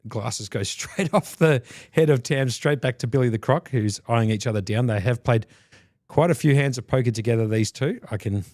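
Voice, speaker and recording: A man's voice: lowish voice, darkish tone, no echo, clean studio sound. A man calling a live poker tournament from a commentary booth, chatty and jokey.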